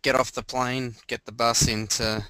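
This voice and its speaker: A man co-hosting a podcast, chatting casually and telling animated stories. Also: medium pitch, measured pace, clear, resonant tone, no room sound. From Australia. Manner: animated storyteller, acts out voices. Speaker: podcast co-host. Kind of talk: casual chat.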